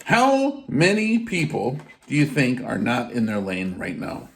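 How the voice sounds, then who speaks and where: A man's voice: mid-range voice, lively intonation, unhurried, vocal fry, a bit bright. A man giving an informal spiritual teaching in a blunt, emphatic way, with casual swearing. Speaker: faith teacher.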